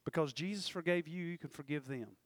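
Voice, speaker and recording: Preacher man with a high voice. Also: no room sound. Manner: preaching with sudden shouted peaks and quick asides. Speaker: pastor. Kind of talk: sermon. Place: church.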